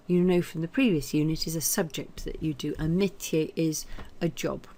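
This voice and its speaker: A woman's voice: low-pitched, steady tone, normal speed, hardly any pauses, warm tone. A woman teaching French, explaining at length in a chatty way with fillers and hesitations. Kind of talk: recorded language lesson.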